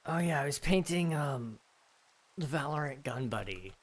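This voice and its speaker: A man's voice: a little high, lively intonation, moderate pace. A man casually chatting with his viewers on a live stream, rambling and joking with lots of fillers. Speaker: streamer reading chat.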